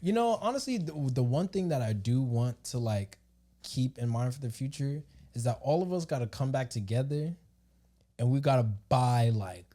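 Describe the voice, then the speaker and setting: A young man co-hosting a podcast, telling stories in a relaxed, expressive chat. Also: medium pitch, normal speed. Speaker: podcast co-host. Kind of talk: casual chat.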